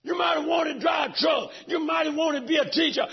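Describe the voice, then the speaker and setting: Middle-aged preacher, very high raspy voice, dull lo-fi church recording. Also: male voice, fast talker, a faint crowd. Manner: preaches fervently, swinging from soft talk to shouts. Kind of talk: sermon. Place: church sanctuary.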